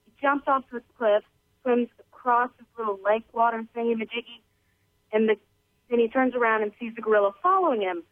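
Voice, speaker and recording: Brief: female phone-in caller with a slightly high voice, loose and rambling, casual slang, heard through a thin, tinny phone line. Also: brisk. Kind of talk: telling a joke over the phone. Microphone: telephone.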